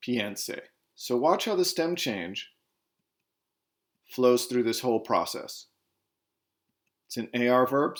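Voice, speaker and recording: A Spanish teacher recording a slide lesson, explaining verb endings and spelling out stems letter by letter, moving between Spanish and English. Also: male voice, mid-range voice.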